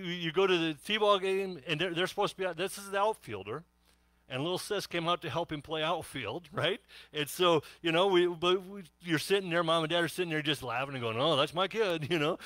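A man's voice: on the high side, a bit bright, no room sound. A middle-aged man preaching a sermon, telling jokes and laughing often in a chatty way. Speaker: pastor.

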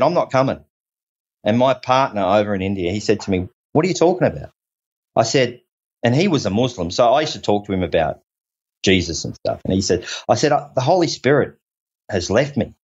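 A man from Australia, a podcast guest telling a personal story in an earnest, rambling way, repeating himself and restarting often. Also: mid-range voice. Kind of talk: personal story told in conversation. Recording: dull lo-fi audio.

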